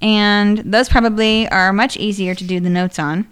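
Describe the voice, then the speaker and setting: A woman in her thirties co-hosts a casual podcast, talking loosely with a swear here and there. Her voice is smooth and clear, at a middle pitch for a woman. She runs through her notes with an easy, offhand delivery. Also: fairly even intonation, normal speed, fairly bright tone. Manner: chatty, swears casually, reads credits off notes. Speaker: podcast co-host. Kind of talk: casual chat.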